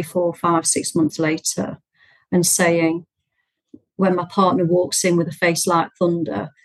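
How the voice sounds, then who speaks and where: A woman therapist speaks as an interview guest in a measured, encouraging manner. Her voice sits fairly low for a woman. The recording is dry and close. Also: dry recording, rough recording. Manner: measured, explanatory, encouraging, frequent agreeing murmurs. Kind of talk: interview answers.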